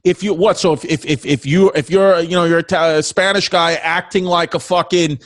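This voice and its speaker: A male podcast co-host with a New York accent who keeps restarting his questions. His voice is a little high, and the recording is close and dry. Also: steady tone, moderate pace, no echo. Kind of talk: casual podcast chat.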